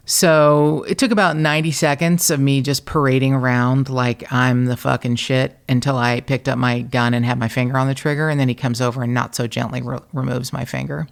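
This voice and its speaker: A middle-aged American woman, a podcast host, telling a story in a casual, animated, profane and self-mocking way. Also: very deep voice, fairly quick, gravelly, few pauses.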